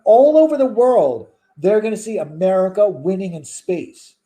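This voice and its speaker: A man's voice: high voice, very animated, moderate pace, warm tone. A man in casual conversation who argues his opinions emphatically and piles on rhetorical questions. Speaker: guest. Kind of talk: casual chat.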